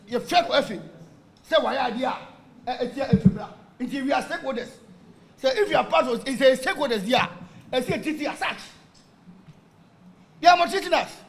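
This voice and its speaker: A man's voice: very high voice, a little fast, gravelly, long pauses, a little hiss or hum. A man with a Ghanaian accent, a football supporter talking with passion on radio and switching between Twi and English. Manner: mixes Twi and English, animated and emphatic. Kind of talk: impassioned radio talk.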